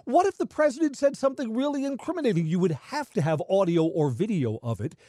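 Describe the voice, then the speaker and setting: A man's voice: high-pitched, expressive, fast talker, mellow, dry recording. A man co-hosting a morning political talk radio show, making emphatic, sarcastic points.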